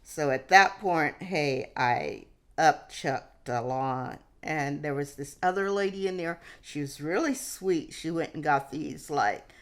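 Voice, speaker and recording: A woman vlogger telling a personal story to camera in a halting way, often restarting and dropping in "hey". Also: deep voice.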